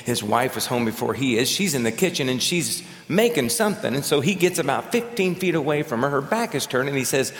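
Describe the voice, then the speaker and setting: A man's voice: medium pitch, animated, fairly quick, hardly any pauses. Preaching man in an echoey hall. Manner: conversational preaching with storytelling. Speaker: pastor. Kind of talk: sermon. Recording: echoey hall with long reverb.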